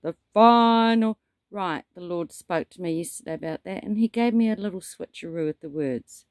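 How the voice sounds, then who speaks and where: A man's voice: high-pitched, fairly quick, mellow, no room sound. A man delivering a rambling spiritual monologue, telling stories with dramatic asides. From New Zealand. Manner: meandering storyteller, dramatic asides. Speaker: self-styled prophet.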